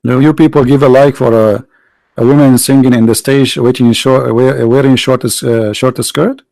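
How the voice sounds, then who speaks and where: A man's voice: mid-range voice, fairly even intonation, normal speed, gravelly, darkish tone, no echo, low-quality recording. A man hosting a livestream debate, mocking and sarcastic, firing off rhetorical questions in non-native English.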